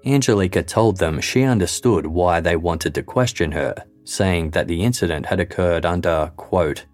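A man giving scripted true-crime narration in a measured, even documentary delivery. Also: deep voice. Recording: faint music bed underneath.

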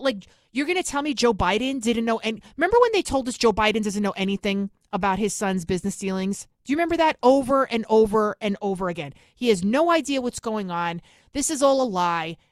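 A woman's voice: fairly high pitch, lively intonation, no echo, studio quality. A middle-aged woman with a New York accent, delivering a fiery, sarcastic political monologue as host. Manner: fiery, sarcastic, rapid-fire.

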